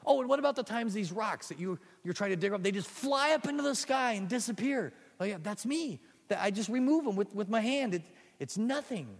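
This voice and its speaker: A man's voice: high voice, lively intonation, brisk, vocal fry, few pauses, pitched above the performer's own voice, heavily acted. A man voicing an eager young boy who has turned into an ant, stammering and breathless as he talks. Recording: echoey hall.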